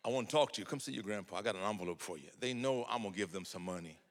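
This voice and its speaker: A man's voice: fairly low pitch, racing, long reverb tail. An older man telling folksy, humorous family stories in a sermon, acting out the dialogue. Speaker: preacher. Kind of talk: storytelling sermon.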